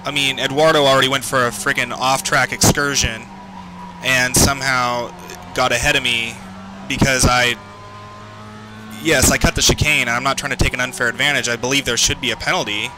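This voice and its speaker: A man commentating his own sim race, swearing and yelling at other drivers, his heart racing. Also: mid-range voice, level tone, brisk. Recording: game music underneath. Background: game music and engine noise.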